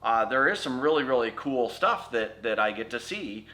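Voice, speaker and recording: A middle-aged man talks casually to his viewers, rambling and restarting his sentences as he explains things. His voice has a bright, forward edge to it. The delivery is loose and conversational. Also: mid-range voice, lively intonation, moderate pace. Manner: rambling, self-correcting, explains with hand props. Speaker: vlogger answering viewer comments. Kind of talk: casual vlog chat.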